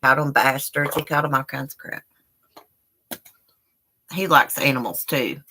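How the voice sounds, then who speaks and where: Low-voiced chatty woman. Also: normal speed, bright, forceful tone, a little hiss or hum. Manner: chatty, rambling, addresses chat as y'all. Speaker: live-stream host. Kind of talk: casual live-stream chat. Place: indoors at home.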